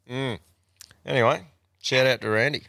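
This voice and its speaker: Bright-voiced laid-back Australian man. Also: mid-range voice, creaky, a little hiss or hum. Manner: laid-back, swears freely, laughs often. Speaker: podcast co-host. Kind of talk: casual chat.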